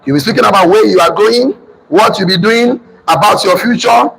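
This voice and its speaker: A man's voice: sits high, moderate pace, gravelly, a bit bright, slight background noise, poor audio. A man with a Nigerian accent giving a motivational class lecture, emphatic and repetitive, drilling his audience in call-and-response. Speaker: motivational teacher.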